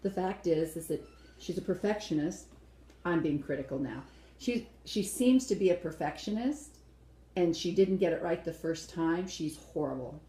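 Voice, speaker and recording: Woman co-host, blunt and opinionated; low, mellow voice; echoey room. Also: animated, normal speed. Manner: opinionated, blunt, acts out quotes. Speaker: co-host reviewing a dance show. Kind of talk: casual chat review.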